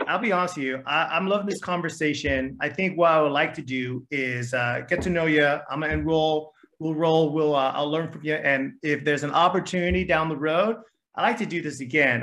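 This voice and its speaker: A man's voice: on the high side, sharp tone. A man hosting a podcast interview, affirming and encouraging his guest. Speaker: podcast host. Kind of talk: casual interview conversation.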